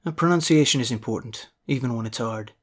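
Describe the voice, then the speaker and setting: A man's voice: mid-range voice, fast. A man with a Midwestern accent delivers a blunt opinion monologue in an ordinary mid-range voice. His tone is sardonic and dry, and he punctuates the commentary with jokey asides. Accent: American Midwestern. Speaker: radio commentator.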